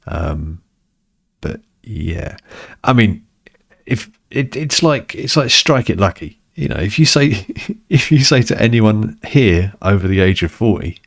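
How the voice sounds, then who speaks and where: A man's voice: mid-range voice, very animated, measured pace, gravelly. A middle-aged British man chatting casually while streaming a game, rambling and swearing in mock exasperation. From United Kingdom. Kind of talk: casual chat while gaming.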